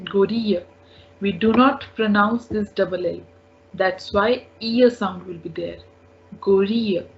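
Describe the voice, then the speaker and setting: Slow, patient woman teaching French. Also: medium pitch, slight background noise. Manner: patient, repeats each word several times. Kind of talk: slow language lesson. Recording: dull lo-fi recording.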